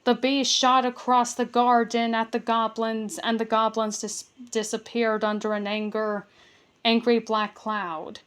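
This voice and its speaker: A woman reading a children's book aloud, careful and steady, with small stumbles and restarts. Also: a little high, unhurried, smooth. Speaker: storybook reader.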